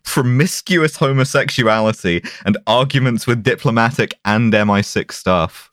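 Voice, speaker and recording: A man's voice: mid-range voice, moderate pace, fairly bright tone, no room sound. A man co-hosting a podcast who talks in a dry, sardonic way, with casual swearing. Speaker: podcast co-host. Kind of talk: casual comedic history chat.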